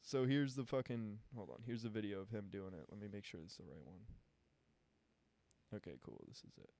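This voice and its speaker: A young man in a casual podcast chat, an animated storyteller who laughs often and swears freely. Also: lowish voice, brisk, gravelly. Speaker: podcast participant. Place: podcast studio.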